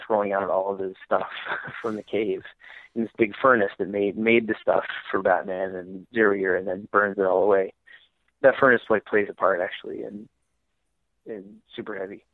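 A man's voice: fairly low pitch, no room sound. A man, a comic book writer guest, telling stories in a candid, rambling way, often breaking off mid-sentence and laughing as he talks. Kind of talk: candid conversational storytelling. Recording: tinny phone-line sound.

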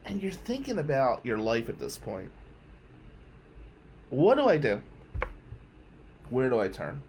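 A middle-aged man telling a personal story with raw, blunt candor. His pitch rises and falls a lot as he recounts what happened. A faint hiss of room noise sits under his voice. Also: huge pitch swings, unhurried, a little mellow. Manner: candid, emphatic, with some swearing. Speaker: podcast host.

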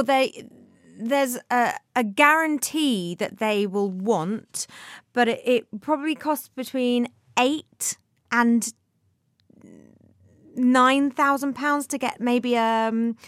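Woman podcasting, slow and a bit higher, dry close sound, lots of ums. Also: fairly bright tone, no echo. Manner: unhurried, thinks aloud with fillers. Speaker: podcast co-host, comedian. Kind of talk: casual chat.

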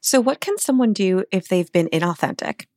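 A woman's voice: mid-range voice, animated, moderate pace, a little mellow, no room sound, clean studio sound. A woman co-hosting a podcast, asking the guest questions in a conversational way. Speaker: podcast co-host. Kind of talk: podcast interview.

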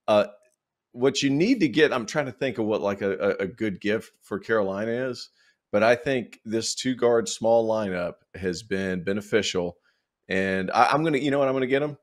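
A man's voice: lowish voice, normal speed. A man with a Southern American accent co-hosting a sports talk show, joking and rambling through his points. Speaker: podcast co-host. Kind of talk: casual sports banter.

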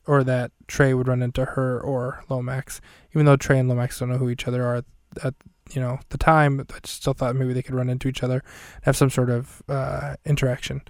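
A man's voice: mid-range voice, monotone, a little fast, clear, resonant tone, no echo, clean studio sound. A man hosting a podcast, casually recapping a film scene by scene in a rambling, self-correcting, light and jokey way. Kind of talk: casual chat.

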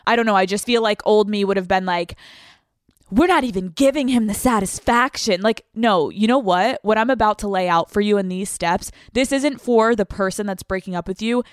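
A young woman hosting a podcast, giving blunt breakup advice with lots of swearing and quick laughs. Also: medium pitch, clear, resonant tone, no echo, studio quality. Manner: blunt, profane, laughs mid-sentence. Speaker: podcast host. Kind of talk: casual advice monologue.

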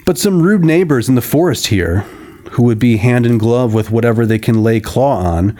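A man's voice: medium pitch, expressive, moderate pace, warm tone, close to an everyday voice. A man voicing a hospitable forest yeoman in a read-aloud story, speaking in an old-fashioned, hearty way. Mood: earnest.

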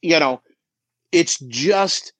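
A middle-aged man coaching on a podcast, emphatic and animated, asking rhetorical questions as he talks. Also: a little high, drawn-out words, husky, dry recording. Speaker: auto shop business coach guest. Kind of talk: podcast conversation.

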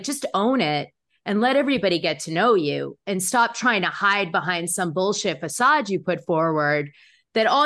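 A woman's voice: lowish voice, a bit bright. A woman hosting a casual chat, frank and blunt, swearing freely as she speaks her mind.

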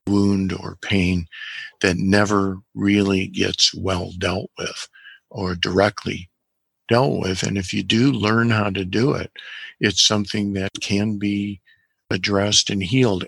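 Calm male guest, deep and gravelly, measured case-history storyteller. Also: dry recording. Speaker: guest practitioner of guided imagery. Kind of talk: telling a patient case history.

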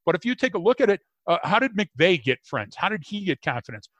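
A man co-hosting a casual podcast, talking in an animated, joking way that rambles with frequent restarts. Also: high voice, brisk, no room sound, muffled recording. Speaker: podcast co-host.

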